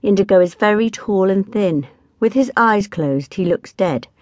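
A woman narrating a children's audiobook in a lively, expressive first-person storytelling manner. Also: mid-range voice, a little slow, no echo.

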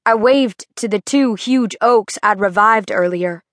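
A woman narrating a fantasy audiobook in a measured, dramatic manner, recorded on a studio microphone. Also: medium pitch, a bit bright, dry recording.

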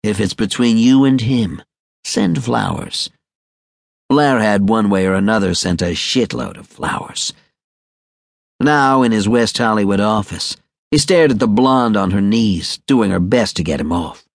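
A man's voice: on the low side, lively intonation, normal speed, no echo, clean studio sound. A man narrating a crime audiobook with a wry, sardonic delivery. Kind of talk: scripted noir narration.

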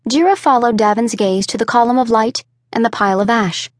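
A woman narrator reading an audiobook in a measured, expressive way. Her voice sits fairly high. The recording is dry and close, with no room sound. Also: no room sound. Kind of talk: scripted narration.

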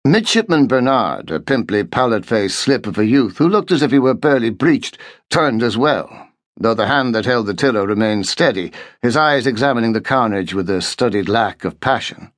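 A man reading a historical novel aloud in a measured, steady storytelling voice. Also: mid-range voice, no echo, clean studio sound. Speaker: audiobook narrator. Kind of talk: scripted narration.

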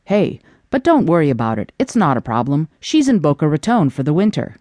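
A woman's voice: sits low, big pitch swings, brisk, darkish tone, no room sound. A woman voicing an earnest, placating adult man in an audiobook. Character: smooth-talking adult man, evasive boyfriend.

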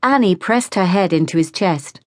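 A woman narrating a teen novel as an audiobook, reading at an even storytelling pace into a close studio mic. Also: lowish voice, moderate pace, no room sound. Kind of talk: scripted narration.

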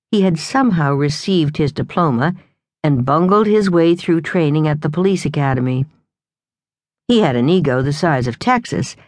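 A woman narrating a novel in a measured, even storytelling manner, close to the microphone. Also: sits low, no echo. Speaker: audiobook narrator. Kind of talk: scripted narration.

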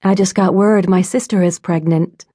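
A woman's voice: on the low side, fairly even intonation, moderate pace, mellow, breathy edge, no echo, studio quality. A woman voicing an anxious young woman who sells jewelry, earnest and putting on forced cheer, in an audiobook.

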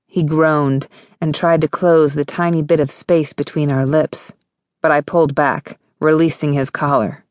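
A woman with a low-pitched voice reads a first-person romance novel aloud in a wry, intimate tone. The sound is dry and close, straight from a studio booth. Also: flat delivery, measured pace, a little mellow, dry recording. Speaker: audiobook narrator.

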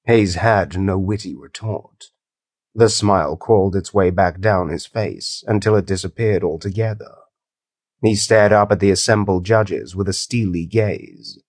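Male audiobook narrator, measured and wry; slightly low voice, dry close recording. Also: expressive, no echo. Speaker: author and narrator.

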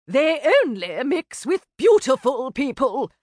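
Woman narrator voicing a snobbish aristocratic lady, disapproving, haughty, slow drawn-out lines. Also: high-pitched, sing-song, darkish tone, dry recording, studio quality, pitched above the performer's own voice, heavily acted. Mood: disdainful. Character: snobbish, peevish aristocratic sister-in-law, woman.

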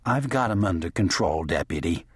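A man voicing a stern frontier sheriff, speaking low, firm and measured. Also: animated, breathy edge, dry recording, studio quality. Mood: commanding.

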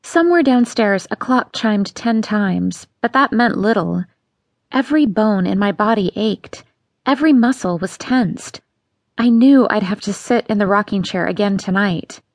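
A woman's voice: medium pitch, lively intonation, measured pace, no room sound. Woman narrating an audiobook, dry studio. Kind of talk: scripted narration.

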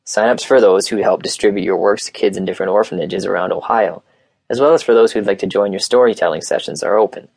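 A man voicing a kind, encouraging woman camp leader with an Oklahoma accent, speaking in a gentle, coaxing way. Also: sits low, quick pace, gravelly.

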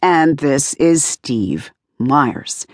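A woman's voice: low voice, animated, dry recording, clean studio sound, full character voice. A woman voicing a young female movie executive who talks in an eager, gushing way. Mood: friendly. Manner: gushing, bright, hurried.

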